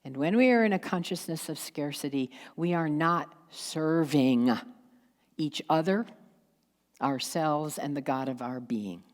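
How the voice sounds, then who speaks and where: Woman pastor, sermon, slow deliberate delivery, lowish voice, long reverb. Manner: slow, emphatic preaching with pauses and acted asides. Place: church sanctuary.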